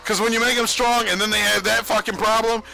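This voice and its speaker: A man's voice: sits high, level tone, quick pace, gravelly, bright, forceful tone, low-quality recording. A young man rambling casually on a livestream, profane and boastful, laughing often. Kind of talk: rambling casual stream monologue.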